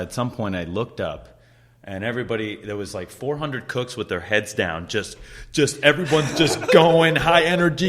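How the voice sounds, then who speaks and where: A young man hosting a casual chat, telling animated stories and swearing often as he acts out quotes. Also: mid-range voice. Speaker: podcast host, chef.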